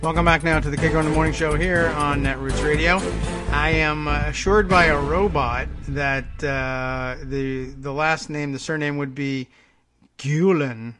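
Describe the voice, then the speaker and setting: A man's voice: on the high side, steady tone, normal speed, music in the background. A man hosting a morning talk radio show, thinking aloud and reading out online posts in a casual, rambling way.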